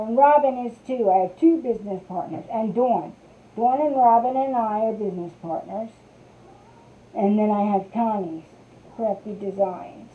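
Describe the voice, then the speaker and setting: A woman hosting a live craft stream, rambling chattily and greeting viewers by name from their comments as she works. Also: a little high. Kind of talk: casual live-stream chat. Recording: tinny phone-like sound.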